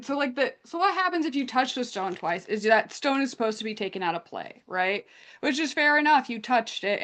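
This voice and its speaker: A young woman from Canada telling a story in casual chat, animated and acting out quotes. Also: a little high. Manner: animated retelling with acted-out quotes. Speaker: guest storyteller.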